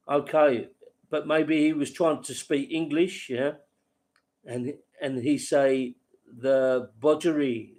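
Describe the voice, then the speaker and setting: In a mid-range voice, a man running a relaxed late-night livestream chats with viewers by name and laughs at the stories he tells.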